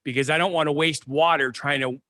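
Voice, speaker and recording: A man from the American Midwest co-hosts a casual chat, telling rambling stories and restarting his sentences. His voice is bright and a little higher than most men's. The sound is dry and close, as on a video call. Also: fairly even intonation, brisk, no echo. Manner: chatty, storytelling, self-interrupting. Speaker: podcast co-host.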